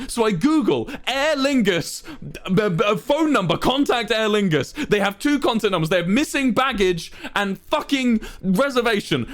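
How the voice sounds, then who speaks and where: A young man from England, a streamer, telling a frustrated story to his chat in a casual, ranting way, swearing and mimicking the people he dealt with. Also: high voice.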